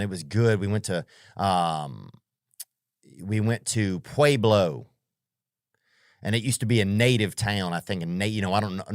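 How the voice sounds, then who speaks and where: A man's voice: low voice, dry recording, clean studio sound. A man doing a rambling, profane comedic monologue as a podcast host, full of slang and tangents.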